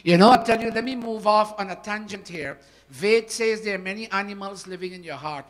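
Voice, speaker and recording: A man teaching a scripture workshop, talking in an earnest, animated devotional manner. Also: sits high, a little fast. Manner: animated, earnest, with swells of emphasis.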